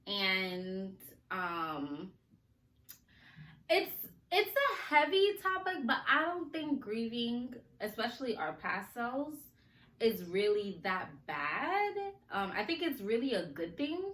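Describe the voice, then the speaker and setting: A woman with a medium-pitched voice hosts a casual podcast recorded on video, chatting in an animated way, laughing often and using slang with her listeners. A sore mouth makes her speech a little slurred. The sound has a roomy echo and faint ambience.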